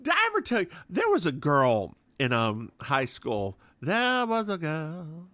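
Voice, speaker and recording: A man chatting through an episode recap with a bright, forceful voice that swoops up and down. He talks in an unhurried way, acts out the lines in put-on voices and curses casually. The sound is dry and close. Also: fairly high pitch, dry recording. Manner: animated, acts out quotes in voices; swears freely. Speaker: podcast co-host.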